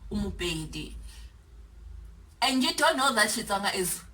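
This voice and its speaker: A South African woman chatting to camera in an animated, exasperated and teasing way. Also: medium pitch, a little slow, distant mic. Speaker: YouTuber. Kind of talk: casual vlog chat.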